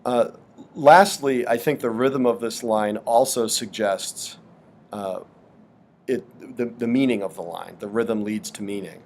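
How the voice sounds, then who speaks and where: A man teaching a literature lesson in a thoughtful, hesitant way, with frequent pauses and fillers. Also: fairly low pitch, vocal fry, a little mellow. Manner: thoughtful, hesitant with many ums. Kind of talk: explanatory lesson.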